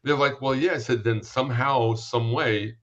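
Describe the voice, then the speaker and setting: A man's voice: medium pitch, fairly even intonation, moderate pace, fairly bright tone, highs cut off. A man, a psychic guest in a casual interview, telling anecdotes and acting out the people in them. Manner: storytelling, acts out quoted dialogue.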